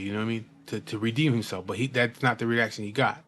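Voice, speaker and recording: A man telling a personal story in casual talk, rough and profane, often repeating and restarting his words. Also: medium pitch, fairly even intonation, brisk, hardly any pauses, pushed and bright.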